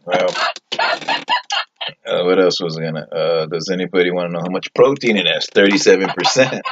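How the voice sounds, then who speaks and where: A man's voice: low-pitched, steady tone, brisk. A man hosting a comic food review in a tough-guy persona, hesitant and rambling with a repeated "yo". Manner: hesitant, rambling, lots of fillers, "yo" catchphrase. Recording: dull lo-fi audio, faint hiss.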